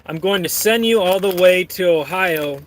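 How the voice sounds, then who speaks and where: A man voicing a menacing male online troll in a mocking, high, threatening voice. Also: normal speed, slight background noise, natural voice.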